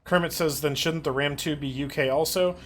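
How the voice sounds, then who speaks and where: A man hosting a casual livestream, reading chat questions aloud in a relaxed, chatty way. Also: fairly high pitch, brisk, a little hiss or hum. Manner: relaxed, chatty, laughs easily. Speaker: stream host reading chat.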